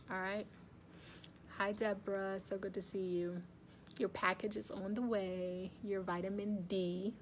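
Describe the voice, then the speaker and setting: A woman's voice: medium pitch, slight background noise. A woman hosting a casual live stream, chatting with viewers, laughing often and greeting commenters by name. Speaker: wellness livestream host. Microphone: phone or webcam facing her.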